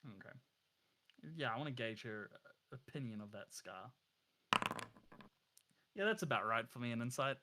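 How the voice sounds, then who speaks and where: A man's voice: medium pitch, animated, normal speed, pauses often, very noisy. A man with a New Zealand accent, playing a tabletop game and chatting casually. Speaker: player.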